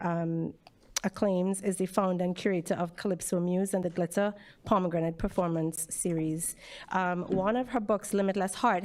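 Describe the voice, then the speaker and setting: A woman's voice: mid-range voice, darkish tone. A woman organizer introducing a poetry session at a live event, speaking informally and a little hesitantly with fillers. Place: live literary event venue.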